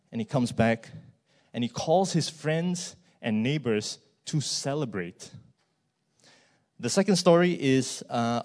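A man's voice: mid-range voice, darkish tone. A man, preaching a sermon in a church in a conversational way, with frequent fillers and a tag "right?".

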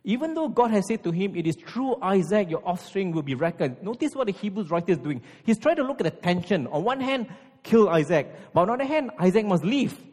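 A man preaching a sermon, emphatic and full of rhetorical questions, at times dropping to a hushed intensity. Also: high-pitched. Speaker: pastor. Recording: long hall reverb.

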